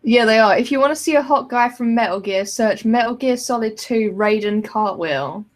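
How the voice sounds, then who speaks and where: A woman's voice: a little high, moderate pace. A British woman co-hosting a podcast, chatting casually and laughing easily. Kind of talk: casual chat.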